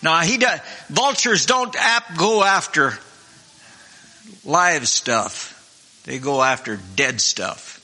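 A man preaching a sermon in a fervent, repetitive way, clearing his throat now and then. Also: a little high, lively intonation, slow pace, pushed and bright. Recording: long hall reverb.

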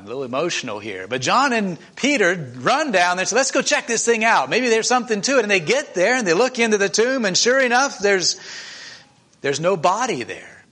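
A man with a high, bright voice preaches to a church meeting. He retells the story emotionally and conversationally, with frequent restarts. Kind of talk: sermon retelling a scripture story.

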